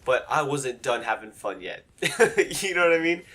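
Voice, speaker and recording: A man's voice: mid-range voice, lively intonation, normal speed, pushed and bright. A young man telling a story to camera in casual, rambling talk, swearing often and acting out the quotes. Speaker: storytime vlogger.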